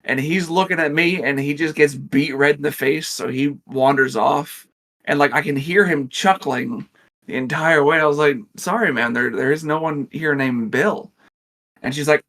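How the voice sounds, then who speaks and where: Gravelly animated male podcast storyteller. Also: a little high, normal speed. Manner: animated storyteller acting out voices in his anecdotes; laughs often. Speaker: podcast co-host. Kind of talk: casual chat, storytelling.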